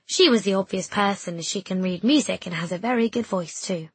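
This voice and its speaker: Breathy woman reading an audiobook. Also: mid-range voice, dry recording. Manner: measured, reflective storytelling. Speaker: narrator. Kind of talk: scripted audiobook narration.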